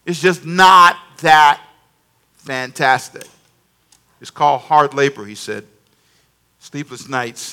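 A man preaching a lively sermon as a pastor, talking back and forth with his congregation. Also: a little high.

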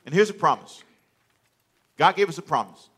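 A man pastor preaching a sermon with emphatic delivery and rhetorical questions, often building to loud peaks. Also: on the high side, lively intonation, normal speed, slightly rough.

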